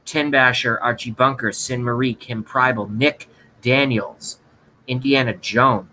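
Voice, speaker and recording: A man hosting a live broadcast, delivering a sarcastic rant in a sharp, forceful voice. He talks to his viewers in a mock-dramatic way, with a faint hum of noise behind him. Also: mid-range voice, steady tone, unhurried, rough recording. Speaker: livestream host.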